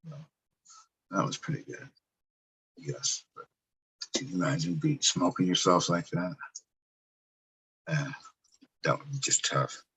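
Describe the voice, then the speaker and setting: A man's voice: deep voice, very animated, unhurried, long pauses, sharp tone, breathy edge, low-quality recording. A man talking casually as a podcast guest, rambling and sarcastic, with some swearing, about his years as a photographer. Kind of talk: casual chat.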